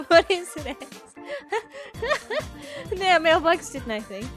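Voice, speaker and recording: A woman's voice: very high-pitched, expressive, slow, music in the background. A woman streaming a game reading and making chatty asides to her chat.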